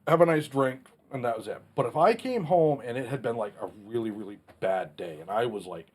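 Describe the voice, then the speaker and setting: A man in his forties hosts a casual Q&A vlog with the hiccups, answering bluntly and plainly with some mild swearing. His medium-pitched voice is fairly quick, with lively intonation and a breathy edge.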